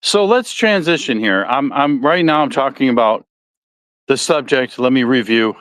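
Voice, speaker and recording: A man's voice: mid-range voice, lively intonation, normal speed, a bit bright, clear, resonant tone, dry recording. A man with a Midwestern accent hosting a solo podcast, talking casually in a rambling, folksy way that often corrects itself. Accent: Midwestern American. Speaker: podcast host.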